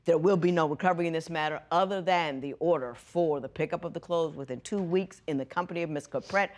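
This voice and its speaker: A woman presiding as a judge on a courtroom TV show, lecturing emphatically and swinging from loud to hushed. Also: deep voice, quick pace.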